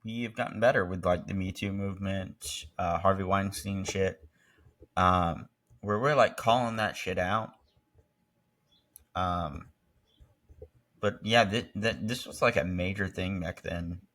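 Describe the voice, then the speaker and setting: A man's voice: deep voice, a little slow, long pauses, fairly bright tone. A man co-hosting a casual movie review chat, joking and teasing as he goes. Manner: jokey, mocking mock-British impressions. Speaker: podcast co-host.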